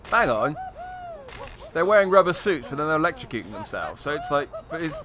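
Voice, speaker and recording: A man's voice: fairly high pitch, sing-song, fairly quick. Chatty man commenting on a game. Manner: chatty, wry running commentary with hesitations. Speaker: gaming YouTuber. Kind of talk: let's play commentary.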